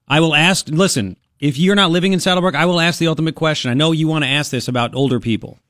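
A man's voice: on the high side, a bit bright, no echo, clean studio sound. A man hosting a talk radio show, brash and joking, rambling in casual chat. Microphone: studio microphone.

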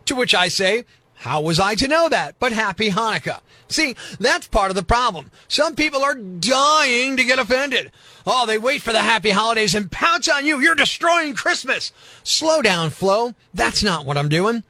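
A man's voice: high-pitched, animated, moderate pace, sharp tone, no room sound. A man hosting a morning radio show, delivering a sarcastic, exasperated comedic rant.

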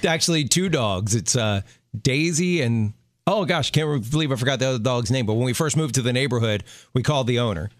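Man radio co-host, relaxed joking chat, dry close studio sound. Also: mid-range voice, brisk, no echo.

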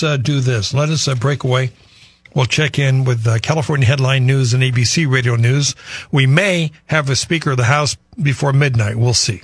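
A man's voice: mid-range voice, husky, no echo. A man hosting a local radio show, chatting casually and reading promotions in an upbeat way. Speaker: radio host.

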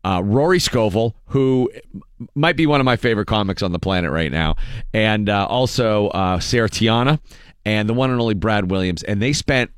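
A man's voice: fairly low pitch, normal speed, clear, resonant tone, no echo. A man hosting a radio morning show, chatting casually in an upbeat promotional way with some fillers. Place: radio studio. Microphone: studio microphone. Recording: dry close studio mic.

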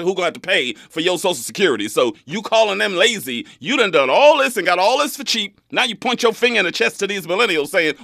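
A man in his twenties hosting a talk radio show, animated and folksy, laughing often. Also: high voice, fast, hardly any pauses, no room sound, clean studio sound. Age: 20s.

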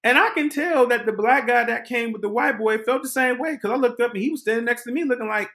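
A man hosting a podcast, telling a comic story in an animated, dramatic way. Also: very high voice, fast. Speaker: podcast host. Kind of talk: comedic storytelling.

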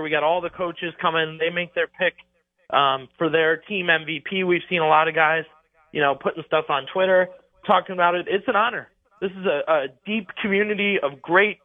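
A man's voice: high-pitched, no echo. A man in his twenties, a radio sports reporter, calling in and eagerly promoting coverage. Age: 20s. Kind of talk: casual radio talk. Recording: tinny phone line.

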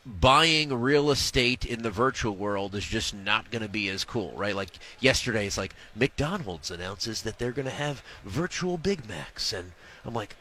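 A man's voice: on the low side, animated, bright, forceful tone, slight background noise. A man being interviewed as a guest at a live event, telling stories with jokes and acting out what other people said. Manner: quick, jokey, acts out his wife in the story. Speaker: sports business reporter, guest. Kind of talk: animated interview storytelling. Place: radio row booth at a live event.

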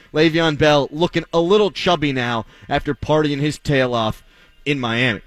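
A man's voice: medium pitch, a bit bright, dry recording. A man hosting a sports talk radio show, delivering a blunt, sarcastic, opinionated monologue.

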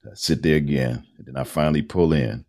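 A man's voice: extremely low pitch, fairly quick, a little mellow. A middle-aged man, a voice-over artist, telling a long personal story as a podcast guest in a casual, slangy way and acting out the dialogue.

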